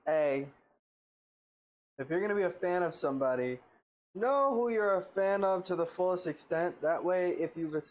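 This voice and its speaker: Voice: medium pitch, poor audio. A podcast co-host in casual chat, frank and opinionated, swearing freely.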